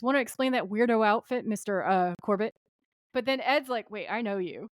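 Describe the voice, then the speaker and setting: A woman's voice: on the high side, a little fast, no room sound, studio quality. A woman co-hosting a podcast, recapping an episode in casual chat and acting out characters' lines. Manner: animated, quoting characters in voices. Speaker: podcast co-host.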